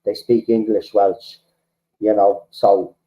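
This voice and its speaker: A man's voice: on the low side, little pitch movement, slow, dull audio. An Irish man from the Republic of Ireland hosting a fan livestream, ranting heatedly and swearing, often repeating himself. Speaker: fan channel host. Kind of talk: livestream rant to chat.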